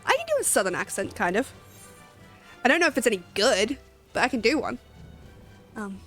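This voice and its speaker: A young Australian woman chatting on a game stream, rambling from one thought to the next and swearing casually. Her voice sits a little high, with frequent laughter in her talk. Faint game music plays in the background. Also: big pitch swings, fairly quick, long pauses, fairly bright tone. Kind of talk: casual gaming stream chat.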